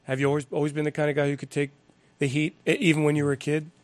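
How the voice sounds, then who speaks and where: Man, sports interview host, studio, quick talker, upbeat, higher voice. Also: little pitch movement, no echo. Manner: upbeat, laughs along.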